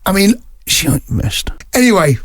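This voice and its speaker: A man's voice: high-pitched, very animated, normal speed. A middle-aged man co-hosting a podcast, telling a story in casual chat with a teasing, giggly manner. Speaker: podcast co-host.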